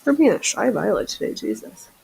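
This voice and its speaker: A woman's voice: lively intonation, measured pace, darkish tone, breathy edge, poor audio. A woman hosting a casual sewing stream, chatting and joking about herself as she stitches. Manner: chatty, self-mocking, talks to her cat in a high baby voice. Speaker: channel host. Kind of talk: casual sewing livestream chat.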